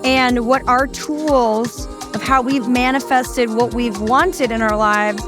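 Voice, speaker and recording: A woman co-hosting a casual podcast, talking playfully in quick bursts and repeating her phrases. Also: a little high, fairly even intonation, music in the background. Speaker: podcast co-host. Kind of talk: casual conversational podcast chat.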